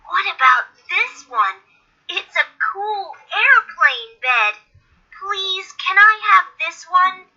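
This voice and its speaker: Eager young boy in a textbook dialogue, played by a woman: very high, bright and slow. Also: sing-song, full character voice. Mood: pleading. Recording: dull, lo-fi textbook audio.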